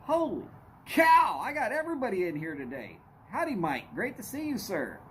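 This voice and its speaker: A man's voice: high voice, huge pitch swings, fairly quick, slight background noise. A man hosting a casual livestream, chatting with viewers and greeting them by name. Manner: greets viewers by name, folksy drawl, y'all. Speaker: livestream host.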